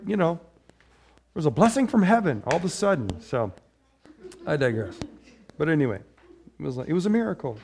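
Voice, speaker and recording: Man preaching a loose conversational sermon, a bit high-pitched, keeps saying right. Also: big pitch swings, moderate pace, creaky, long pauses, darkish tone. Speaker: pastor. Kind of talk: casual sermon.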